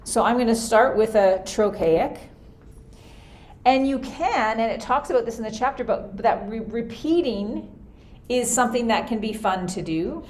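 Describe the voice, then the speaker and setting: A woman's voice: a little high, lively intonation, a little slow, darkish tone. Woman music teacher, casual think-aloud lesson, computer mic. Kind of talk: screen-recorded lesson. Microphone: computer mic for a screen recording.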